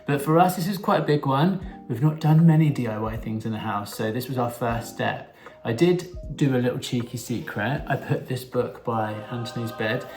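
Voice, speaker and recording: A young man hosting a casual home vlog, playful and camp, breaking into sudden squeals of excitement. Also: mid-range voice, normal speed, soft background music. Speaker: vlog host.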